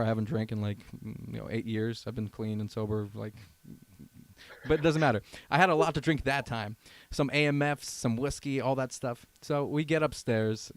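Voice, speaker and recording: A man in his thirties tells a long, rambling anecdote as a podcast guest. He jumps in and out of the voices of the people in his story. His voice sits at an ordinary pitch, and the recording is dry with no room sound. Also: dry recording. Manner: animated anecdote-telling, acts out quoted voices. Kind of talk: casual storytelling chat.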